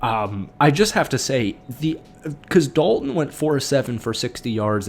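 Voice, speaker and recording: A young man hosting his own sports channel, talking fast and excited through rapid-reaction football commentary, a little out of breath. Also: fairly low pitch, a little hiss or hum. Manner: excited, hurried, hyped-up.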